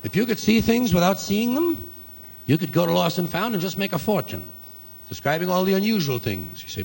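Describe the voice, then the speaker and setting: A man's voice: sits high, very animated, a little fast, vocal fry, husky. A man doing a stand-up comedy routine, telling a story sardonically and acting out both sides of the dialogue. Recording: live recording with long hall reverb and faint noise.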